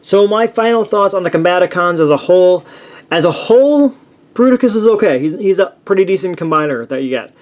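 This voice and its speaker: A man's voice: high voice, quick pace, hardly any pauses. A man chatting casually through a toy review, enthusiastic and rambling, with many restarts and fillers.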